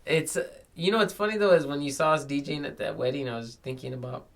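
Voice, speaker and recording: A man co-hosting a podcast in casual chat, easygoing, laughing along and giving relaxed advice. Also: on the high side, fast, creaky. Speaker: podcast co-host.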